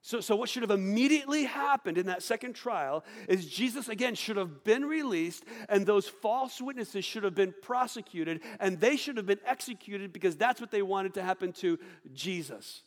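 A man preaching a sermon, swinging between loud outbursts and hushed, low delivery. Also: lively intonation, moderate pace, few pauses. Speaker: pastor. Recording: long hall reverb.

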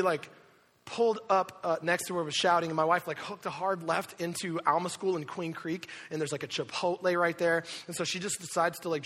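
A man preaching a sermon, telling a personal story with lively asides and quick impressions of the people in it. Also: a little high. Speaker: pastor. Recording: reverberant hall.

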